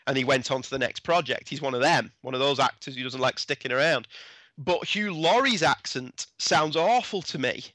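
A man's voice: medium pitch, moderate pace, bright, forceful tone, no echo. A British man in a casual chat, blunt and opinionated, with some swearing.

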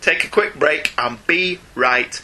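A man's voice: a little high, slow pace, sharp tone, a little hiss or hum. A man hosting a podcast, reading out listener emails in a chatty, jokey way. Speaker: podcast host.

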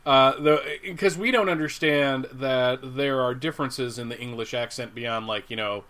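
A man in his forties from the United States, talking casually as a podcast co-host. He rambles, trips over his own restarts and chuckles at his own jokes. His voice sits in an ordinary middle pitch. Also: normal speed, a bit bright. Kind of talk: casual chat about comics.

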